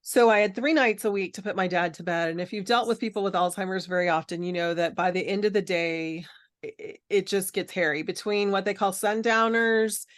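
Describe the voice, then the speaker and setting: A woman's voice: medium pitch, a little fast. A middle-aged woman telling a personal caregiving story as a podcast guest, earnest and reflective, with frequent fillers and restarts.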